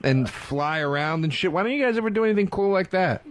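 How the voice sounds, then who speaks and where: A man's voice: high-pitched, lively intonation, fast. A man co-hosting a radio comedy show from a studio, loose and profane, acting out scenes as he talks. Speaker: radio co-host.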